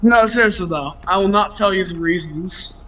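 A man's voice: sits high, moderate pace, bright, forceful tone, poor audio. A young man chatting jokily while playing a video game with a friend. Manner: jokey, silly, plays with accents. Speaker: gaming YouTuber. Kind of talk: casual gameplay chat.

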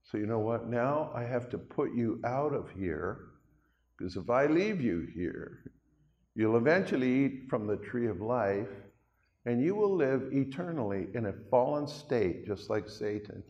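An older preacher voicing God the Father, speaking gently and sorrowfully to two people he must send away. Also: mid-range voice, sing-song, a little slow, muffled recording. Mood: gentle regret. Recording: long reverb of a hall.

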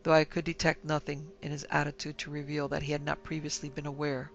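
A man giving measured, grave scripted narration of a horror story. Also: fairly high pitch, completely flat delivery, gravelly, dull audio.

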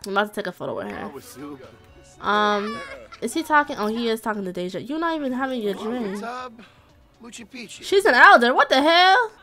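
A young woman giving casual, chatty let's-play commentary, talking straight to her viewers with excited squeals. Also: a little high, moderate pace, long pauses, soft background music. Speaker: gaming YouTuber.

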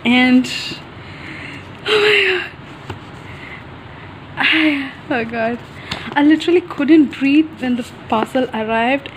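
A young woman gushing breathlessly in a home vlog, close to tears with excitement. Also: high voice, unhurried, slight background noise, rough recording. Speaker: vlogger.

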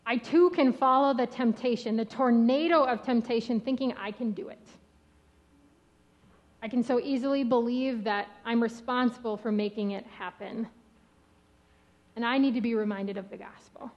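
A woman pastor giving a sermon with a gentle, rhythmic delivery. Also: on the high side, moderate pace, muffled recording. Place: church sanctuary.

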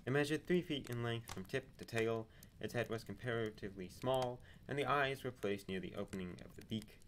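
Lowish man reading a novel aloud. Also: a little hiss or hum, poor audio. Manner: unhurried, with small slips and restarts. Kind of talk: live-streamed audiobook reading. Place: home streaming setup.

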